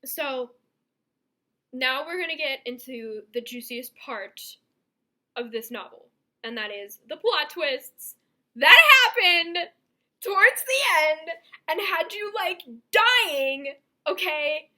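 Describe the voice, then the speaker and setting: A young woman giving an excited, rambling book review to her viewers, gushing with many asides. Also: high voice, slow.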